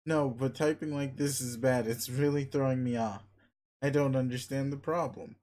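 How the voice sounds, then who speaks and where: A man's voice: mid-range voice, fairly even intonation, normal speed, a little mellow, natural voice. A man reading a webcomic aloud, voicing a crude, arrogant young male alien who talks in a rude, bossy, foul-mouthed way. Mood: grumpy.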